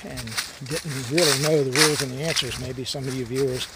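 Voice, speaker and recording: A brisk man with a medium pitch and fairly even intonation vlogs as a long-distance hiker on a mountain trail. His talk is rambling and relaxed, thick with "uh" fillers, and outdoor noise can be heard behind his voice.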